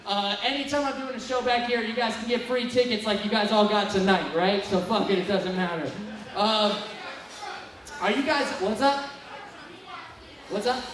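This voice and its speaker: A man in his twenties doing a profane, rambling stand-up set with loud bursts of yelling, working the crowd at a bar. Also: high voice, moderate pace, pauses often. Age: 20s. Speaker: stand-up comedian. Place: bar stage with a live crowd. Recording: far-off echoey bar recording with noise.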